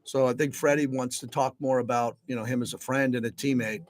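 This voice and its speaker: A man's voice: mid-range voice, fairly even intonation, a little fast. A man hosting a sports talk radio show, speaking in a conversational, reflective way as he sets up the next segment.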